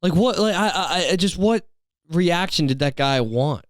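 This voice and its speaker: A man's voice: on the high side, lively intonation, normal speed, no room sound. A man hosting a solo podcast, rambling through a story in a profane, incredulous way on a close mic. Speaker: podcast host.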